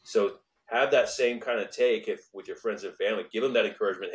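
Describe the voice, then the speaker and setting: A man's voice: fairly low pitch, quick pace, hardly any pauses. A man in his thirties hosting a podcast, speaking earnestly and motivationally, repeating points for emphasis. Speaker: podcast host. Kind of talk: casual podcast conversation.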